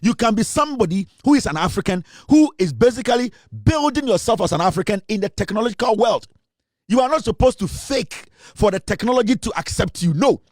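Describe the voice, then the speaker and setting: Ghanaian male host, high-pitched, dry close sound, preachy and emphatic. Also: lively intonation, fairly quick, a little mellow, dry recording. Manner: preachy, emphatic, repeats lines for effect. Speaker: show host. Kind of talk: impassioned commentary mixing English and Twi.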